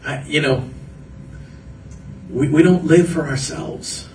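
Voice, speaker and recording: Man, pastor, earnest sermon, repeated phrases, echoey room, distant mic, faint rumble. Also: drawn-out words, pauses often, a little mellow. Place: church hall.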